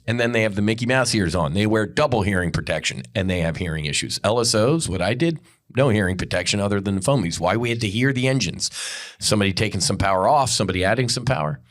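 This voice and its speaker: A man's voice: on the low side, fast. A man hosting a podcast, delivering an angry, profane and blunt unscripted monologue. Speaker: podcast host.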